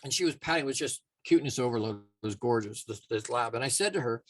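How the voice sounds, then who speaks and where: A man's voice: medium pitch, fast, few pauses, no room sound. A man giving a motivational talk as a life coach, casual and emphatic, often restarting his sentences.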